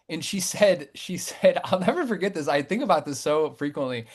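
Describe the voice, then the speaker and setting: A man's voice: fairly quick, hardly any pauses. A man in his thirties, a poet talking casually in an interview, rambling with many fillers and restarts. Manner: rambling, many fillers and restarts, animated swings in pitch and loudness.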